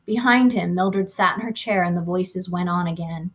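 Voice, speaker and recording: A woman reading a novel aloud, expressive and slowing down on key phrases. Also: on the low side. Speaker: reader.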